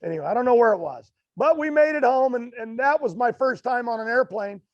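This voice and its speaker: An older American man, a racing guest, telling stories in a halting, rambling way with many fillers and restarts. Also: very high-pitched, animated, dry recording, muffled recording. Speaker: guest, drag racer. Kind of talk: storytelling interview.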